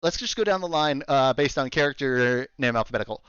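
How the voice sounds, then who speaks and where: A man's voice: mid-range voice, animated, brisk, a bit bright, clear, resonant tone, dry recording, lo-fi sound. A young man running a tabletop game as game master, narrating in a rambling way with fillers.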